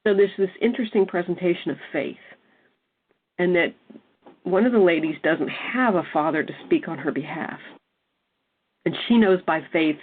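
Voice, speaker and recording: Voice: mid-range voice, expressive, a little slow. A participant in a lectionary podcast discussion, thoughtful and circling back to rephrase. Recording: tinny phone-like line.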